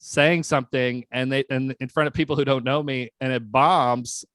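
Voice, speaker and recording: A man co-hosting a casual podcast chat, telling an anxious story and acting out the voices in it with sudden high yelps. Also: fairly even intonation, moderate pace, fairly bright tone, no room sound, clean studio sound. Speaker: podcast co-host.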